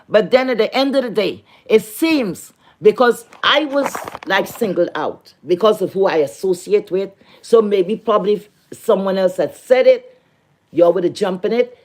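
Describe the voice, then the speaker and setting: A woman on a live stream, ranting indignantly, swearing often and restarting her sentences. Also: mid-range voice. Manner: indignant, profane, repeats and restarts. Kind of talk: heated live-stream rant.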